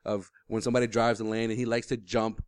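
A man's voice: on the low side, level tone, fast talker, clear, resonant tone, dry recording, clean studio sound. A man co-hosting a casual sports podcast, rambling with many restarts and fillers. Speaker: podcast co-host.

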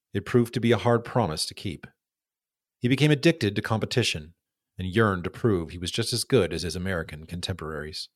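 A man narrating a scripted documentary podcast at a measured pace, reading quotes aloud in his own voice. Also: on the low side, dry recording, studio quality.

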